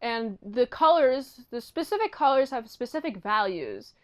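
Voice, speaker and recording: A woman giving a casual recap and review of a TV episode, chatty and animated, often slipping into quick impressions of the characters. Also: a little high. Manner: animated retelling, acting out characters' lines; chatty, peppered with "like".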